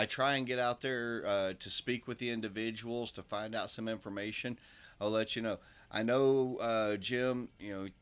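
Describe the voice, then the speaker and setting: A man commentating live on a darts match, chatty and relaxed, with many fillers and asides. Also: lowish voice, clean tone.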